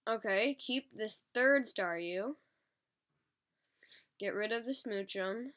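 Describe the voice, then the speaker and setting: A woman with a stuffy, sniffly nose giving casual, excitable gameplay commentary to her viewers. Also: mid-range voice, slow pace. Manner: chatty, excitable, talking to viewers. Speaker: mobile game channel host.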